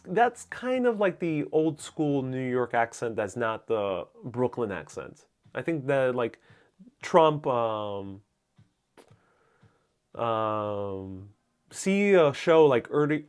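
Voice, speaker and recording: Young guy doing a live q&a outside, reads chat and answers, lapel mic. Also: medium pitch. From United States. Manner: chatty, reads viewer comments aloud and answers them. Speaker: host. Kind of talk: live-stream Q&A. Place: out on city streets during a live stream. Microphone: wireless lapel mic.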